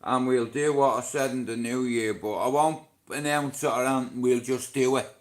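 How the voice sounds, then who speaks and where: A man's voice: mid-range voice, steady tone, moderate pace, roomy sound. A middle-aged Irish man talking casually on a live stream, blunt, boastful and full of swearing and slang.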